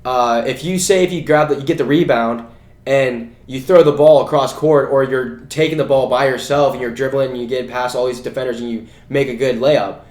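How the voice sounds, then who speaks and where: A young podcast co-host with a steady, darkish mid-range voice talks fairly quickly, telling rambling stories stuffed with "you know" and "like." The casual chat is recorded in an echoey room.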